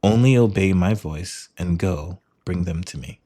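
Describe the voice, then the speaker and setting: A man co-hosting a podcast, reading a Bible passage aloud in a measured way, then chatting about it with lively asides. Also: deep voice. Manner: measured scripture reading, then animated chat. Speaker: podcast co-host. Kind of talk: Bible reading and casual discussion.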